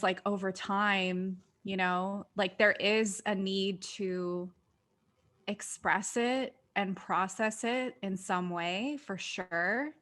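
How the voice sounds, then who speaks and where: A woman's voice: medium pitch, bright, forceful tone. Reflective woman co-hosting a talk. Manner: reflective, thinks aloud with many fillers. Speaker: co-host. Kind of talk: casual conversation.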